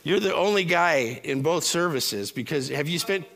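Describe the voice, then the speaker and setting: A male pastor delivers a sermon in a church service with a slightly high, bright voice. He talks in a loose, conversational way and throws joking asides to the congregation. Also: lively intonation, moderate pace, vocal fry.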